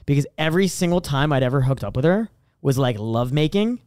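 Young man, casual podcast host, high-ish voice, very lively pitch, dry close mic, animated storytelling. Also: quick pace, smooth, dry recording. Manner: animated storytelling, acting out quotes. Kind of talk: casual chat.

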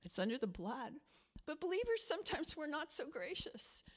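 A woman's voice: high voice, normal speed. A middle-aged woman pastor giving a conversational sermon, telling a personal story and acting out the voices in it. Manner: animated storytelling with acted-out quotes.

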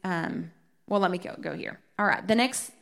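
A woman's voice: lowish voice, creaky, fairly bright tone. Earnest woman teaching scripture. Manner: earnest, rereads verses slowly for emphasis. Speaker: Bible study teacher. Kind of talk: teaching a Bible study.

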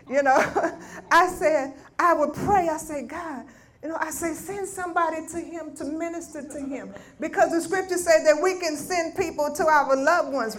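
A middle-aged woman giving a spoken testimony at a ministry meeting, telling a story with lively acted-out quotes. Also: high voice. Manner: animated storytelling, acting out voices of family members. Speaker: guest speaker at a women's ministry meeting. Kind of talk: testimony preaching.

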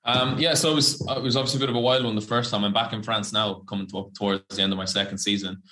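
A young Irish pro rugby player talks loosely in a casual podcast interview, packing his speech with fillers, slang and the odd swear word. His lowish voice holds a fairly even intonation but races along, sounding pushed and bright. He comes across chatty and rambling, cursing freely.

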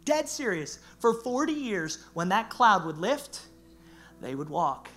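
A man preaching a sermon as pastor, animated and conversational, with slang and acted-out quotes. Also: sits high, unhurried, soft background music.

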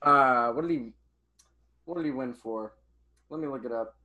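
A young man in easygoing film talk, laughing a lot and breaking into goofy voices to quote lines. His voice sits at an everyday pitch. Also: moderate pace, sharp tone. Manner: laughs often, puts on silly voices when quoting. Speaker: podcast co-host. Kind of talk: casual film chat.

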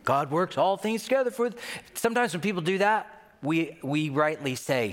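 A man preaching a sermon in an animated way, often acting out the voices of the people he quotes. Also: a little high, moderate pace. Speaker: pastor. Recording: long hall reverb.

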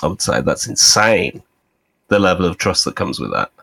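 Very deep-voiced British man telling stories. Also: big pitch swings, normal speed, creaky, bright, forceful tone, slightly rough. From United Kingdom. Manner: swearing, storytelling, dry jokes. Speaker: podcast guest. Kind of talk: casual chat. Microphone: remote call mic.

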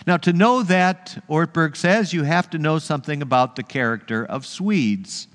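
Pastor, male, earnest storytelling sermon delivery, higher-pitched voice, long church reverb. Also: moderate pace.

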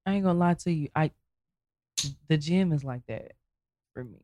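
A woman co-hosting a casual podcast chat, expressive and quick to laugh. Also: deep voice, dry recording. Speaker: co-host.

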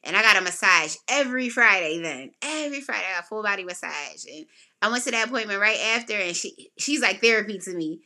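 Bright, lively woman telling a story. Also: quick pace. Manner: animated, acts out quotes with big pitch jumps. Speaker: podcast host. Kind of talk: casual personal storytelling.

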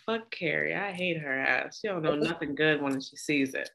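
A woman's voice: low-pitched, normal speed, gravelly, low-quality recording. Blunt, profane young woman recapping a movie. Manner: blunt, profane, animated storytelling. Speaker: podcast co-host. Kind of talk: casual movie recap chat.

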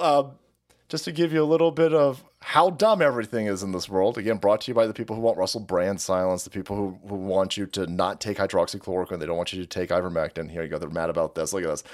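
Profane, sarcastic male streamer. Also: on the low side. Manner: mocks people by putting on quick voices. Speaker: livestream host. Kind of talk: ranting livestream commentary.

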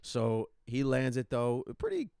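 Young New man, podcast co-host, lively swooping delivery, dry close mic, swears freely while acting out quotes. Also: medium pitch, measured pace, clear, resonant tone, dry recording. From New York. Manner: animated storyteller, profane, acts out quotes. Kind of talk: casual podcast chat.

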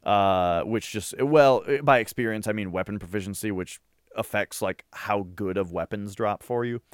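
A man in a casual podcast chat who rambles excitedly, with lots of fillers and restarts. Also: fairly low pitch, normal speed, clear, resonant tone, dry recording, studio quality. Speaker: podcast co-host.

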